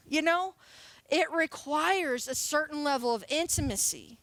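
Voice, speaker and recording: A woman's voice: high-pitched, unhurried, a bit bright, no room sound. A woman in her late twenties giving a casual, playful sermon as a youth pastor. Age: 20s. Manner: casual, chatty and playful, laughing often.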